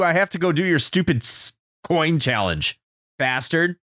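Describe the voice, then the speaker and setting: A man's voice: fairly high pitch, very animated, a little slow, sharp tone, no room sound, clean studio sound. A man co-hosting a casual podcast chat, ranting sarcastically and swearing often. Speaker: podcast co-host.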